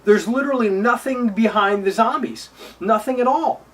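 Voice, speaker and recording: A man's voice: moderate pace, a bit bright. A man hosting a live stream, ranting combatively about a game and mocking his critics in a whiny put-on voice. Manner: sarcastic, mocking imitations in a high whiny voice; repetitive, combative. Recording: distant mic with faint noise.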